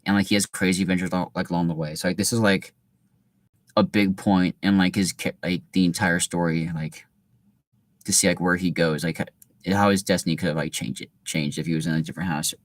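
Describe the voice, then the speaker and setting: A man's voice: sits low, fairly even intonation, fairly quick, no echo. A young man reading a children's novel aloud and breaking off into laid-back, filler-heavy commentary. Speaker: reader.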